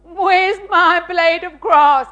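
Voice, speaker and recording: A woman's voice: very high-pitched, slow pace, bright, forceful tone, lo-fi sound, pitched above the performer's own voice, exaggerated voice. A woman playing a complaining sheep that bleats and whines. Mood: whiny. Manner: whiny, bleating.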